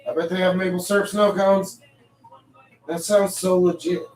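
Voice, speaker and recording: A man co-hosting a live show, trading playful, quick quips in casual banter. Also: high voice, little pitch movement, a little mellow. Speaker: co-host. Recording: roomy, distant from mic, faint noise.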